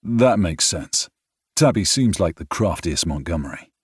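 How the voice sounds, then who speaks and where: A man's voice: sits low, lively intonation, a little slow, breathy edge, no room sound, exaggerated voice. A man voicing a wry British single dad with a guarded, dry manner.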